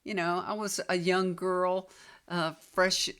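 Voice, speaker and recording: A woman's voice: on the low side, level tone, slow, fairly bright tone, clear, resonant tone. A woman, likely in her fifties, telling a personal story to viewers in a chatty, confiding way. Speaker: tarot reader and healer.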